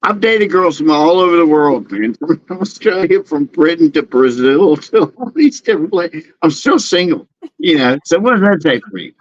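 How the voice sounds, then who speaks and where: A man's voice: on the high side, very animated, moderate pace, dry recording. A man from the American South with a Southern accent, chatting casually and laughing, saying "man" often. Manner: laid-back, laughing, says "man" a lot. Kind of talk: casual chat. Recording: dull, dry sound.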